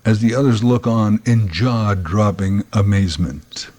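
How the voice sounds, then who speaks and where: A man's voice: lowish voice, measured pace. A man hosting a podcast, telling a comic story in a wry, sarcastic way and making his own sound effects. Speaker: podcast host. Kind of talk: scripted comic monologue.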